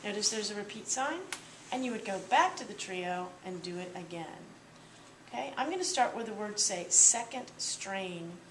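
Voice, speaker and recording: A woman's voice: mid-range voice, lively intonation, brisk, recorded from a distance, noisy background. A woman teaching a percussion lesson, explaining patiently step by step with small fillers. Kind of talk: instructional demonstration. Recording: echoey room, voice off-mic, with drumming.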